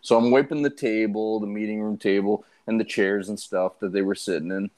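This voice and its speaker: A man's voice: lowish voice, fairly even intonation, a little fast, a little mellow. A man chatting casually and bluntly, swearing as he starts a work story. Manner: blunt, profane, chiming in. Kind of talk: casual chat.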